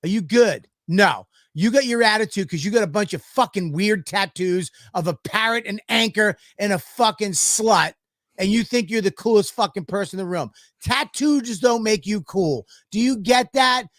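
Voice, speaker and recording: A man's voice: high voice, normal speed, a bit bright, dry recording, studio quality. A man co-hosting a podcast, telling a story in a profane, ranting way. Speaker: podcast co-host. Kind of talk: casual podcast chat.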